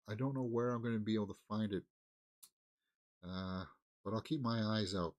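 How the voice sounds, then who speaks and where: A man's voice: on the high side, a little mellow. A man hosting a casual movie news channel, talking off the cuff with many fillers, restarts, sighs and chuckles.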